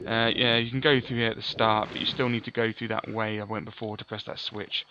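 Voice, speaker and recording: A man's voice: on the low side, little pitch movement, brisk, dull audio, background noise. A man giving chatty, offhand let's play commentary, often correcting himself. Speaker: gaming commentator.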